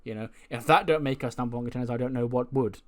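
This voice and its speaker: A man playing an excitable, mouthy young wrestler who rambles indignantly and jokes in a game storyline. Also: mid-range voice, fast talker, lightly acted.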